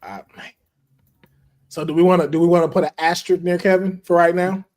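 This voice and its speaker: A man's voice: high voice, fairly even intonation, brisk, a little mellow. A man with a Southern US accent, co-hosting a casual chat and leading the picks. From Southern United States. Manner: laid-back, leads the picks. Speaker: podcast co-host.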